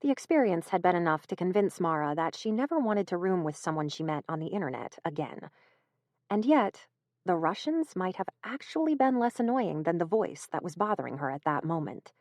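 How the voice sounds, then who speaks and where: A woman reading a horror audiobook in a measured, even storytelling manner, close to the mic. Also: fairly low pitch, dry recording. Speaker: audiobook narrator. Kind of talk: scripted narration.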